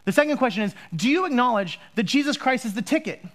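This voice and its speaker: A male pastor with a fairly high voice preaching in a casual, joking way. He jokes with the congregation and then turns earnest as he moves into prayer. His tone stays loose and animated throughout. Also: fast talker. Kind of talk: sermon. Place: church.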